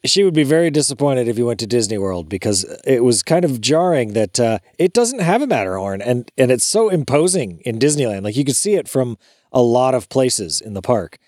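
Podcast co-host, man, animated pitch, profane jokey banter, dry close sound. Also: fairly quick, no echo. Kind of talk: casual chat.

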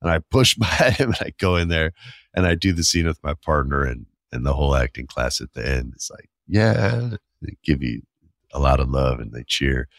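A man in his forties telling a candid, profane story in a casual podcast, animated when he quotes people. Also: rumbling low, a little fast, vocal fry, dry recording, clean studio sound. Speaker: podcast host.

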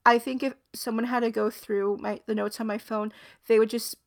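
Giggly, gravelly-voiced young woman podcaster. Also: a little high, normal speed. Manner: giggly, rambling and animated. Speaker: podcast co-host. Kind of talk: casual chat.

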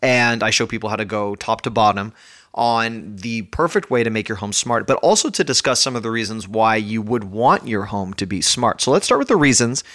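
A man hosting his own podcast from home, talking in a chatty, energetic, self-mocking way while a little out of breath. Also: on the low side, normal speed. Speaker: podcast host. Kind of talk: casual podcast monologue.

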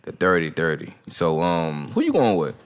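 Animated slangy man hosting a podcast. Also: sits low, moderate pace. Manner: slangy, animated, laughs often. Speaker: podcast co-host. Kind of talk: casual banter.

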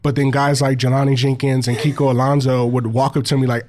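A man's voice: medium pitch, fast, few pauses. A man and former football player co-hosting a casual podcast, telling profane stories with a laugh and a slightly nasal voice. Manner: laughing, profane, animated storytelling.

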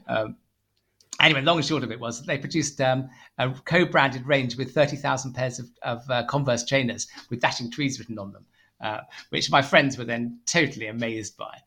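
Bright-voiced man telling stories. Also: medium pitch, moderate pace. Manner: rambling, many fillers and restarts, laughs while telling stories. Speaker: guest, tweed company founder. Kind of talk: casual interview storytelling.

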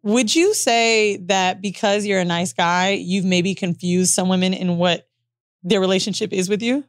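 A woman's voice: medium pitch, moderate pace, dry recording. Woman podcast host, casual chat, frank storyteller, dry close sound. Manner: candid, laughing storyteller.

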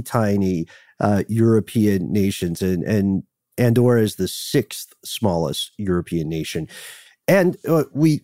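A man's voice: mid-range voice, no echo, studio quality. A man co-hosting a podcast who chats casually, jokes around and laughs easily. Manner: jokey, animated, laughs often. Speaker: podcast co-host. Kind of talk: casual chat.

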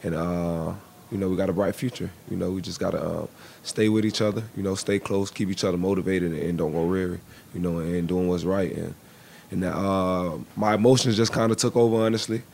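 Young football player on radio, deep gravelly voice, lots of you know and uh, faint hiss behind. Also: male voice, fairly even intonation, darkish tone. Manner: halting, many fillers. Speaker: football cornerback, guest. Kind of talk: radio interview.

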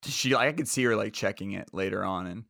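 A man's voice: lowish voice, brisk, creaky, a bit bright, no room sound, clean studio sound. Laughing man ribbing friends on a podcast. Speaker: podcast co-host. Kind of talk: casual podcast banter.

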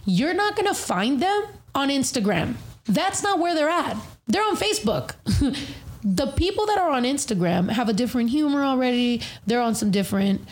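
Young woman, podcast host, casual chat, profane, lots of fillers, higher pitch. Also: big pitch swings, normal speed.

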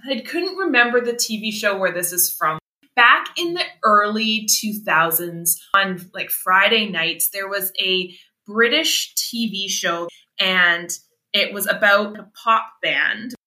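A woman in her thirties from Canada, a sports medicine doctor telling stories as a podcast guest, animated and quick to laugh. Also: medium pitch. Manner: animated, laughs often, acts out quotes. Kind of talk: casual podcast storytelling. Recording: roomy echo.

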